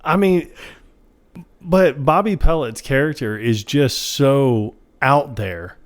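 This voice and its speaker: Speaking slowly in a mid-range voice, this man co-hosts a podcast and chats loosely, rambling through retold scenes with plenty of fillers.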